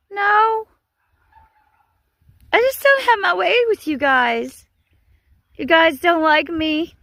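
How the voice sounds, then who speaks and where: A woman's voice: very high voice, slow, long pauses, a bit bright, no echo. A woman, walking along a cattle fence outdoors and calling to the cows in a coaxing, sing-song way. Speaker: vlogger. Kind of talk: casual vlog, talking to cattle.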